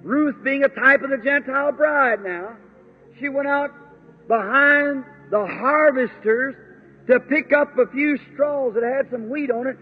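A man preaching a sermon in a fervent, drawn-out way, breaking into exclamations. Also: very high-pitched. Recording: tinny lo-fi old sermon tape.

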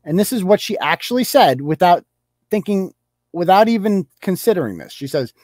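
A man's voice: sits high, big pitch swings, normal speed, darkish tone, dry recording, clean studio sound. Sarcastic, profane man ranting on a podcast. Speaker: podcast host. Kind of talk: ranting commentary on social media posts.

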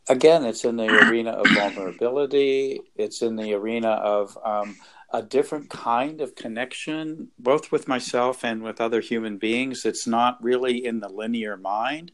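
A man in his fifties, a workshop leader, talking in a gentle, thoughtful way with soft pauses in a reflective conversation. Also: medium pitch.

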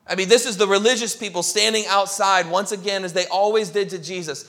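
A male pastor preaching a sermon, telling a story with lively acted-out crowd voices. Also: sits high, brisk, hardly any pauses.

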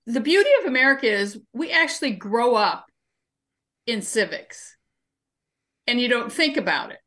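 A woman's voice: a little high, big pitch swings, normal speed, a bit bright. A woman guest in an interview, explaining her civic training work through everyday examples and anecdotes. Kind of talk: conversational interview answers.

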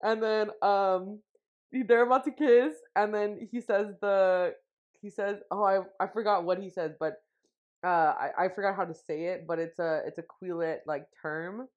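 A woman's voice: mid-range voice, steady tone, a little slow, darkish tone. A young woman co-hosting a podcast, chatting casually and rambling with lots of fillers, getting emotional. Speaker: podcast co-host. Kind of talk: casual chat. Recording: dull lo-fi sound.

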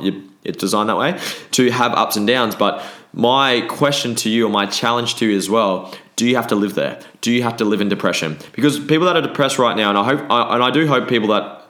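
A podcast host with a fairly low, slightly bright voice delivers a casual monologue. He talks bluntly, swears often, and restarts his sentences.

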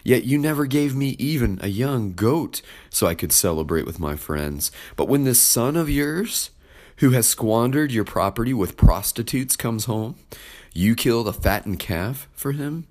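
A man's voice: medium pitch, expressive, measured pace, darkish tone, pitched above the performer's own voice. A man voicing a resentful, hardworking older brother who complains indignantly. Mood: bitter.

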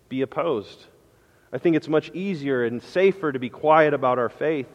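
A man preaching a sermon as pastor, impassioned, moving from loud declarations to hushed pleading. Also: fairly high pitch, in a large hall. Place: church sanctuary.

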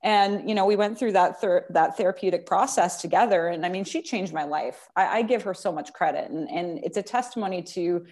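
Emotional, animated woman counsellor. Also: fairly low pitch, fairly quick, few pauses. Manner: emotional, animated storytelling with laughs. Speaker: counsellor, podcast guest. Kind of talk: casual chat.

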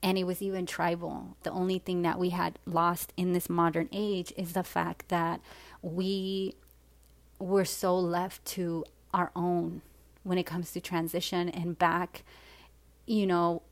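A woman's voice: fairly low pitch, flat delivery, slow pace, no echo. A woman in her forties candidly telling a personal story, frank and swearing freely, with many fillers.

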